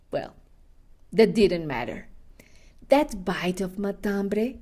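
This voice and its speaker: A woman hosting a food podcast, telling stories in a chatty, unhurried way, sometimes laughing and correcting herself. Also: on the low side, dark tone. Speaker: podcast host. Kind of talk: casual food podcast with storytelling.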